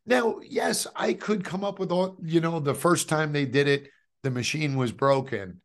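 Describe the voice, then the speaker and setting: A man, telling a personal faith story as a guest, jumping from loud outbursts to hushed asides. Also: on the high side, moderate pace. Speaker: guest giving a faith testimony. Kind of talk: animated storytelling.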